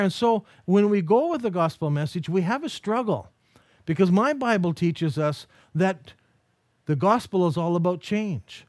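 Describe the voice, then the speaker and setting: A man teaching a mission course gives a Christian mission lecture in a conversational, storytelling way, posing rhetorical questions. His high voice is a little mellow, and the sound is clean studio audio with no echo. He tells anecdotes and acts out quoted dialogue.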